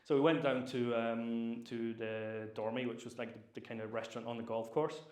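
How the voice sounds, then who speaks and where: A man's voice: mid-range voice, little pitch movement, moderate pace, a little mellow, reverberant. A young man with a Scottish accent, Polish by birth, telling his story as a guest in a casual interview, rambling with lots of fillers and restarts. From Scotland. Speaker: private chef, guest.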